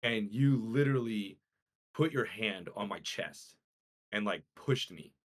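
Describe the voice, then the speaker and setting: A young man co-hosting a casual podcast, telling a story in an animated way and acting out the quotes with swearing. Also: lowish voice, a little slow. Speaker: podcast co-host.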